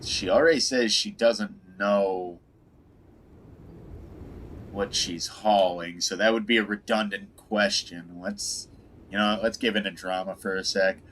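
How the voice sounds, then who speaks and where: Joking gaming streamer, lowish voice. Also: male voice, steady tone, measured pace, a bit bright, slight background noise. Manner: loose, joking, reads dialogue choices aloud. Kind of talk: casual let's-play commentary. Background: game music.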